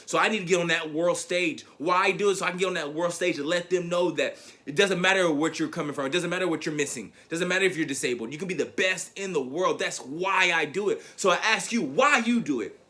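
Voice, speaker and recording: A man's voice: fairly high pitch, fast talker, hardly any pauses, bright, forceful tone. A man in his thirties giving a motivational keynote, telling a story with emphatic repeats. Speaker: motivational speaker.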